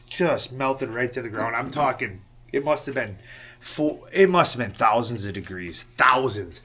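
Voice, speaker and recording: With a medium-pitched, slightly bright voice, a man rambles through a story in a relaxed way. Swearing frequently and repeatedly asking the listener "right?", he comes off rueful and a bit embarrassed.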